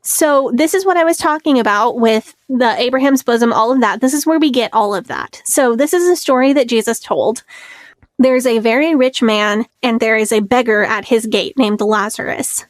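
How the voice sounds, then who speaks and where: A woman with a slightly high voice co-hosts a podcast in loose, chatty conversation. She laughs easily and acts out quoted lines as she retells scenes. The recording is dry and close to the mic. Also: moderate pace, no echo. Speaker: podcast co-host. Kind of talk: casual podcast chat.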